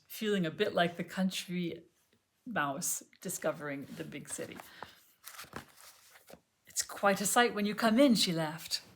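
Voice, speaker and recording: Gentle, low-voiced woman reading an audiobook. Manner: gentle, measured reading that drops to a near whisper. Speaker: audiobook reader. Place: home, on a sofa.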